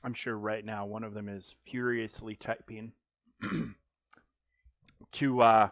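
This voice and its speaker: A man with a fairly low voice chats his way through a live gameplay stream, joking and wandering off on tangents with plenty of ums. The sound is dry and close to the microphone, with no room echo. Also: steady tone, slow, gravelly. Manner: rambling and joking, with frequent ums and restarts. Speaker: game streamer.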